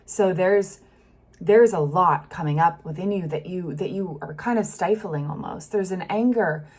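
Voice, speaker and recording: A woman's voice: fairly low pitch, unhurried, a little mellow, breathy edge. A woman giving a casual, emotional tarot reading, acting out what she senses with sighs and broken-off sentences. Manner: emotional, acts out the feelings she reads, sighs and trails off. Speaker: tarot reader.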